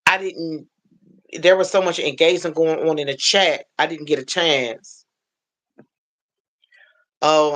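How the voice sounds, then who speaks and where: A woman hosting a casual livestream on her phone, chatting warmly with viewers she calls baby and honey, greeting each one by name. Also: low voice. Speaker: livestream host.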